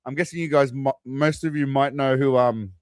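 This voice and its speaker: Male stream host, mid-pitched, rambling chat on a dry close mic. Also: steady tone, normal speed, smooth, dry recording. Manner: rambling, chatty, with restarts and laughs. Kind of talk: casual stream commentary.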